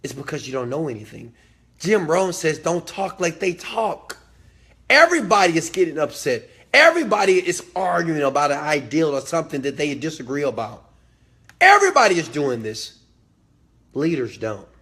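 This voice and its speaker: Preachy, slightly high-voiced man. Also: sing-song, normal speed, pushed and bright, husky. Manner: emphatic and preachy, repeats phrases, swears. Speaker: host. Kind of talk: motivational talk.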